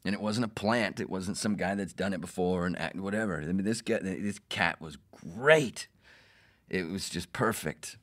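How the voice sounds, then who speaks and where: Low-voiced man telling a profane story. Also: moderate pace. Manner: profane, animated, acts out quotes. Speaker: podcast host, former radio producer. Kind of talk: casual storytelling monologue.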